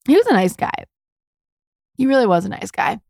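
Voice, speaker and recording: Chatty woman with a gravelly edge. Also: a little high, normal speed, no room sound, clean studio sound. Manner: chatty, candid, animated with quoted voices. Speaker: podcast host. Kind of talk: casual storytelling monologue.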